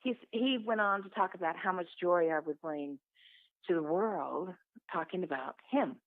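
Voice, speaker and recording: A woman speaks a bit low for her sex, her voice thin and tinny as if carried over a phone line, with a dry, close sound and no room around it. She tells her story candidly and with life, swearing freely and slipping into the voices of the people in it. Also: moderate pace, no echo. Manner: lively, swears freely, acts out what others said. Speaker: guest telling her story.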